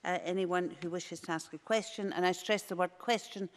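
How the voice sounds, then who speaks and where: A woman presiding over a parliamentary debate, making brisk procedural announcements. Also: fairly low pitch, steady tone. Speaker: presiding officer chairing debate. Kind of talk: formal chairing. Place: debating chamber. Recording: long chamber reverb.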